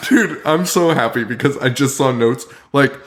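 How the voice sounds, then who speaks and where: A man's voice: medium pitch, unhurried, fairly bright tone. A young man co-hosting a podcast, recapping a horror movie in casual talk, swearing a lot and laughing often. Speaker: podcast co-host.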